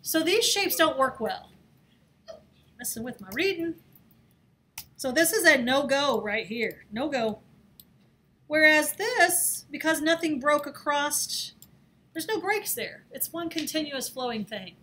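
Chatty, playful woman teaching design software. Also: high-pitched, lively intonation, measured pace. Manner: chatty, playful, laughs at herself, talks while drawing. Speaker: design instructor. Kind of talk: screen-recorded software tutorial. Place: office or classroom.

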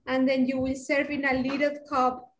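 A woman joins an online workshop discussion and explains slowly, pausing as she searches for English words. Her voice is high and stays flat, with an echoey room around it on the call. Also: a little hiss or hum. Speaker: workshop participant. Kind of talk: casual group discussion.

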